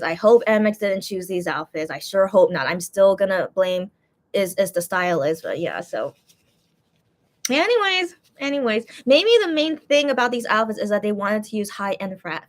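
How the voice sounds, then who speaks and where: Stuffy-nosed woman chatting casual, lots of um and like, restarts a lot, reads viewer comments, mid-pitch voice. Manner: rambling, opinionated, many fillers and restarts. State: congested, coughing. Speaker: host reacting to concept photos.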